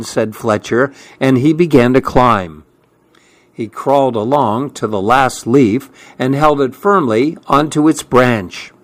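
A man reading a children's storybook aloud in a gentle, unhurried, expressive way. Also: mid-range voice.

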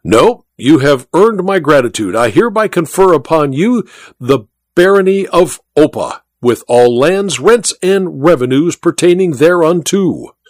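A man's voice: on the high side, animated, a little slow, a little mellow, no room sound, pitched above the performer's own voice. A man playing a haughty, sardonic old duke. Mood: imperious. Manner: haughty, theatrical exclamations. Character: imperious old male duke, sardonic and ruthless. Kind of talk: audiobook reading.

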